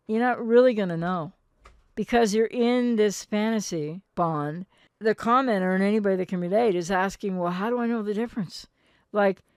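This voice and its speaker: A woman in her sixties, a therapist, giving earnest, gentle advice straight to her viewers and acting out quoted partners now and then. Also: mid-range voice, clean tone, no echo, studio quality.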